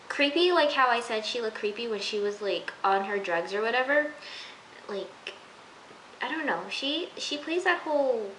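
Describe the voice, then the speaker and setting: A woman's voice: fairly high pitch, a bit bright. A young woman casually reviewing a TV episode, rambling with many fillers and incredulous asides. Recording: echoey room with faint hiss.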